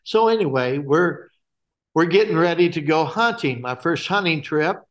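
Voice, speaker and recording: A man from Alaska, a guest telling his faith testimony in a halting way with many fillers and restarts. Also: a little high, lively intonation.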